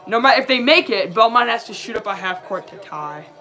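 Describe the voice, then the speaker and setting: Excitable young man reacting live. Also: high-pitched, brisk, soft background music. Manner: excitable, yells at the game, then apologizes. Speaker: live-stream sports reactor. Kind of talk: live reaction to a basketball game. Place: home room, dog nearby.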